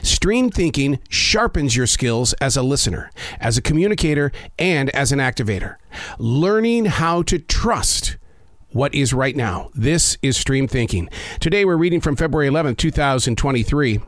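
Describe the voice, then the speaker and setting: Lively, dry-voiced man musing slowly. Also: medium pitch, dry recording. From North Carolina. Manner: slow, measured, emphatic delivery with dramatic pauses. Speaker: podcast host. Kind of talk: reflective spoken essay. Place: home studio.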